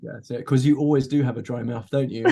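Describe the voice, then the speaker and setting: A man hosting a podcast, firing off quick joking questions at his guest in a teasing manner. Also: medium pitch, fairly even intonation, gravelly, dark tone. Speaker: podcast host. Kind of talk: casual comedic interview.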